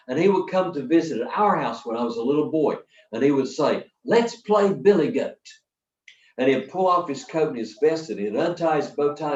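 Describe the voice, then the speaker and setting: An older man leading a storytelling workshop, talking to a live audience in a folksy, lively way with dramatic pauses. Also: on the high side. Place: workshop hall. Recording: roomy, distant, dull sound from the back of a hall.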